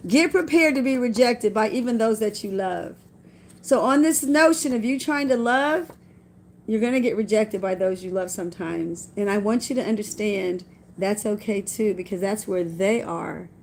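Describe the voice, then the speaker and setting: A woman's voice: medium pitch, moderate pace, slight background noise. A middle-aged woman giving a casual, folksy spiritual talk to camera, repeating phrases for emphasis and quoting scripture. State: tearful at times. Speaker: vlogger.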